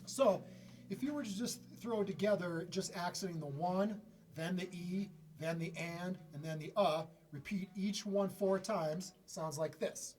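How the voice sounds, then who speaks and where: A man giving a casual drum lesson in a relaxed, conversational way, often pausing to clear his throat. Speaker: drum teacher. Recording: drum kit playing loudly around the talk. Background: snare, bass drum and hi-hat played by the speaker.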